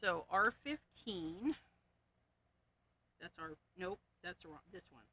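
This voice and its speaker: Bright-voiced woman, slow and muttering. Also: lowish voice, lively intonation, a little hiss or hum. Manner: muttering, reading off codes to herself; amused at her own jokes. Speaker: livestream crafting host. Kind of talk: casual livestream chat while sorting markers.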